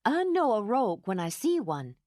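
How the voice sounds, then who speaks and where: A woman's voice: on the high side, very animated, moderate pace, dark tone, dry recording, clean studio sound, voice pushed up. A woman reading an audiobook, voicing a fierce, protective older housekeeper who talks indignantly and fusses. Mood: fussing. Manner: indignant, fussing.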